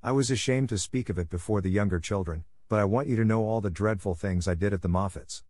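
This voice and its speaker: A man's voice: fairly low pitch, fast, a little mellow, close to an everyday voice. A man voicing an earnest, bashful young woman in a storybook reading, raising his voice for her. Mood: confiding. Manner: bashful, self-reproachful. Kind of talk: audiobook character reading.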